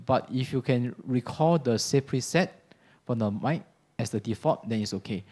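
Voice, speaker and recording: A man giving a relaxed, chatty product demo in a workshop classroom, often checking in with "okay?". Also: mid-range voice, moderate pace. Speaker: audio product trainer. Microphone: ceiling and handheld microphones in a live demo.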